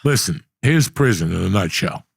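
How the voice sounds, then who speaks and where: Deep, gravelly, and husky, this middle-aged podcast host's voice is expressive and moves at a normal speed. He hosts a casual chat, rambling through blunt stories laced with profanity. There's no echo on the recording.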